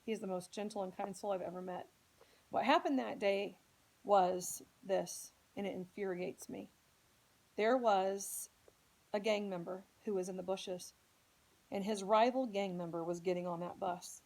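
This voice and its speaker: A woman's voice: mid-range voice, fairly even intonation, fairly quick, a little mellow, low-quality recording. A woman from Indianapolis earnestly telling a personal story as a podcast host, speaking with strong emotion. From Indianapolis, United States.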